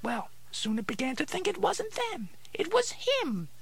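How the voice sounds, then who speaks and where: A man voicing a cranky male dummy who plays a vegetable therapist, gruff, impatient and sarcastic. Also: extremely high pitch, very animated, moderate pace, no echo, pitched above the performer's own voice, heavily acted. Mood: deadpan. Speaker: ventriloquist's dummy. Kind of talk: ventriloquist comedy routine.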